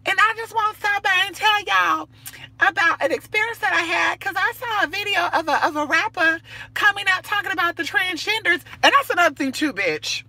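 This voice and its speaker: A brash woman vents to her phone camera while she waits outdoors at a bus stop. Her voice is bright and pointed, and she swears freely with a sassy, cutting edge. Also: very high-pitched, lively intonation, a little fast, dry recording. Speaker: vlogger. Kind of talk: casual rant to camera.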